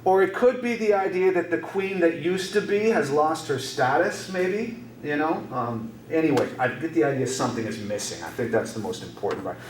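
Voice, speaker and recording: A male English teacher walking his class through a lyric, repeating himself and tossing in little checks for understanding. His voice sits a bit high. It echoes around the room, picked up from a distance, with a faint hum beneath. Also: moderate pace, few pauses. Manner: repetitive, checks in with rhetorical questions. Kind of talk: classroom lesson, explaining song lyrics.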